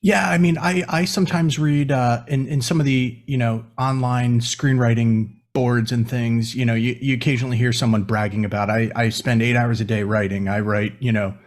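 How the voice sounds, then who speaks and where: A man's voice: medium pitch, fairly even intonation, moderate pace, hardly any pauses. A male podcast host in casual interview talk, often repeating words as he starts.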